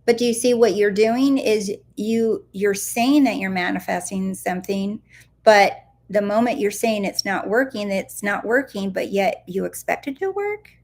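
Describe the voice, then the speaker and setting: A woman talks to her viewers on a live stream in a mid-pitched voice. She coaches with playful emphasis, stacks repeated words, and slows down to drive a point home. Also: a little mellow. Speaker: manifestation coach.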